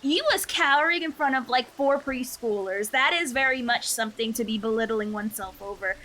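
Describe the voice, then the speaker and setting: A woman's voice: a little high, a little fast, bright, forceful tone. A young woman streamer giving irreverent, joking commentary while playing a game. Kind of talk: casual live-stream commentary.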